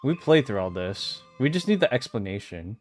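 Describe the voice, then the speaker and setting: A man's voice: on the low side, sing-song, moderate pace, darkish tone, soft background music. A man streaming himself as he reacts to a video, talking over it with impatient casual asides.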